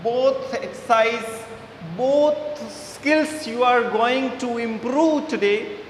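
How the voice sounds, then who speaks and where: Indian english teacher guy, kinda high voice, slow and full of uhs, echoey room w faint hiss. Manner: slow, halting, many "uh" fillers, repeats words. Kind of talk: classroom video lesson.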